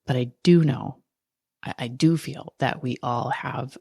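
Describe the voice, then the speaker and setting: A woman's voice: a bass voice, unhurried, vocal fry, mellow, husky, no room sound, clean studio sound. A woman hosting a podcast, talking through a raw, angry personal monologue and swearing freely. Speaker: podcast host.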